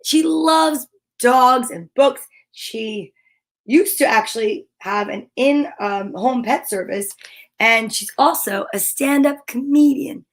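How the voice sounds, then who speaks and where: A woman's voice: on the high side, takes it slowly. A woman hosting a children's story time, reading picture books aloud with playful, chatty asides and animal sound imitations.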